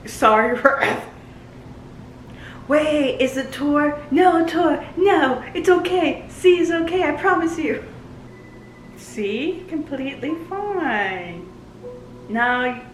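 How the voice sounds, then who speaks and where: A woman reacting to and reviewing a TV series, excitable, talking back to the screen and laughing often. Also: sits high, roomy sound, slight background noise, poor audio.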